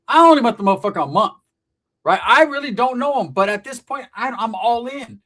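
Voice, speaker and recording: Comic storyteller, man in his forties from California, rapid and raunchy, acts out every character. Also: high voice. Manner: profane, animated, acts out voices. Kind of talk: comedic storytelling.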